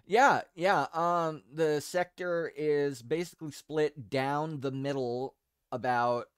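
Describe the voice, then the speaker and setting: A man hosting a casual podcast, talking in a rambling, profane and excitable way with frequent restarts. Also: on the high side, takes it slowly, clean tone, dry recording, clean studio sound. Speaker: show host.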